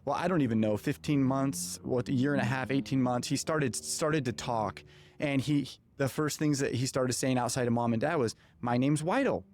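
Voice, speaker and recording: In a podcast studio, a male host tells a personal story with animation, acting out the quoted dialogue. His voice is medium in pitch and his pace is normal.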